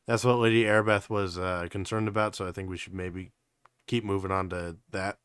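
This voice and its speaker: A man's voice: deep voice, steady tone, brisk, a bit bright, clear, resonant tone, no room sound, studio quality. A man playing a tabletop game, talking casually and hesitantly, thinking aloud with fillers. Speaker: player.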